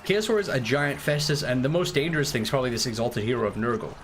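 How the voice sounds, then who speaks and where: This UK-born streamer talks fast at a medium pitch, offering strategy-game tactics amid loose, joking chatter with viewers. Some slight background noise sits under his casual commentary.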